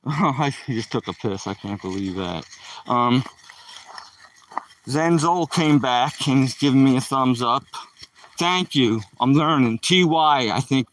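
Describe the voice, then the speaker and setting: A man's voice: medium pitch, a bit bright, distant mic, a little hiss or hum, poor audio. A man live streaming while he walks his dog on a rural dirt road, chatting loosely with the viewers in his chat.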